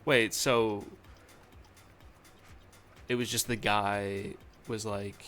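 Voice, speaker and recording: A young man chats casually on a live stream, rambling and poking fun at himself with lots of fillers. His fairly low voice is flat and a bit bright, at a moderate pace, with faint music in the background.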